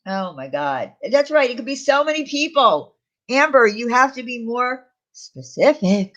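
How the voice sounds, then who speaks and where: A woman's voice: a little high, fairly bright tone. A woman chatting casually on a live stream, answering viewers' comments aloud. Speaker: streamer reading chat. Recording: dull lo-fi stream audio.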